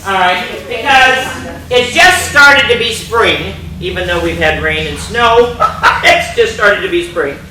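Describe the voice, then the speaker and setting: An older woman reading a storybook aloud to children, animated and playful, hushing them now and then. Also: medium pitch, measured pace. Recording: echoey room, distant mic.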